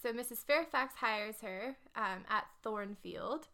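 A woman's voice: fairly high pitch, expressive, slow pace, bright, forceful tone. Chatty young woman discussing a novel. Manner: chatty, wry, frequent fillers and laughs. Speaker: podcast co-host. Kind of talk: casual book discussion.

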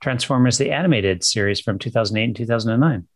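A man's voice: mid-range voice, quick pace. A man in his forties co-hosting a podcast, casually leading the chat. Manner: easygoing, leads the segments. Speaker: podcast co-host.

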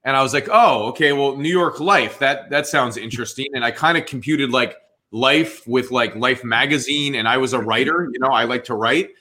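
As an interview guest, a forties-aged man with a New Jersey accent spins a casual, animated story, acting out what was said and dropping "dude" and "man" throughout. His voice is medium-pitched and his pace normal.

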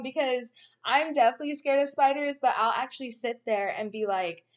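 A woman in her thirties, a mother, telling animated stories in casual chat with frequent laughs. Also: sits high, fairly quick.

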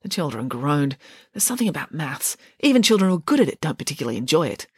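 Lively woman reading an audiobook. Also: low voice, quick pace, breathy edge, dry recording, clean studio sound. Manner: lively, playful storytelling. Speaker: narrator. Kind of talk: audiobook narration.

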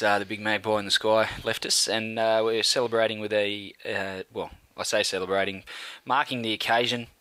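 A man's voice: fairly low pitch, level tone, normal speed, few pauses, pushed and bright, clear, resonant tone, dry recording. A man with an Australian accent co-hosting a podcast, with a dry, sardonic humour and casual swearing. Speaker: podcast co-host. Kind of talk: casual chat.

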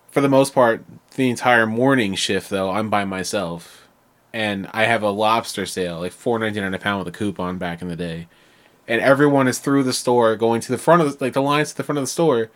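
A man co-hosting a podcast, telling stories in casual chat and acting out other people in a high put-on voice. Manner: animated storyteller, acts out customers in a high put-on voice. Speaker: podcast co-host.

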